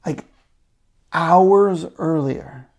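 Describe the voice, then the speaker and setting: Male pastor, gravelly edge, chatty animated sermon delivery. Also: on the high side, extremely slow. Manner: conversational, animated storytelling with asides. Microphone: camera-recorded talk.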